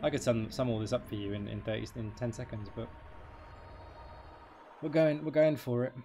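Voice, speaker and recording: A man's voice: medium pitch, normal speed, mellow, faint music behind. A man doing live game stream commentary, chatty and rambling, joking with his chat.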